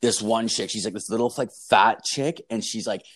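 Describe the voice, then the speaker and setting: A young man with a lowish voice speaks at a moderate pace, telling a long story in casual conversation. He rambles and swears, peppering everything with "like" and "dude."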